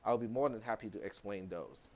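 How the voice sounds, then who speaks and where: A man's voice: on the low side, fairly quick, darkish tone. A man lecturing a college computer class in a casual, conversational way, full of fillers and checks like "okay?". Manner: conversational, many fillers and tag questions. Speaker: college instructor.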